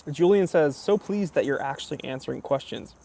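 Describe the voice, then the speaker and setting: This watch channel host sounds a little high, with vocal fry and a warm tone. He's running a laid-back live stream, reading viewers' chat messages aloud and rambling through his answers with lots of ums and uhs.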